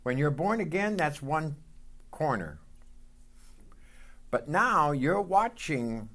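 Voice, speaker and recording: A male pastor delivering a sermon, leading his congregation line by line before drawing out each verse of scripture. His pace is unhurried and measured, while his pitch swings widely as he stresses key words. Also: fairly bright tone. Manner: call-and-response preaching, slow deliberate scripture reading.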